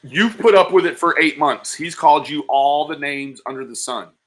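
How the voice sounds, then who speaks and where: A man's voice: on the high side, normal speed, fairly bright tone, slight background noise. A man hosting a livestream, reacting to a played clip with profane, mocking insults and thanking his viewers. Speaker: livestream commentator.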